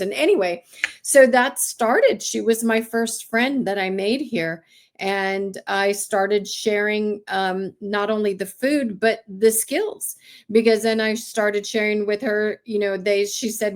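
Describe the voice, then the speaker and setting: A woman raised in California with Greek heritage, a farmer telling stories as a guest in a casual interview, acting out the people she quotes. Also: medium pitch. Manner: animated storyteller, acts out quoted voices.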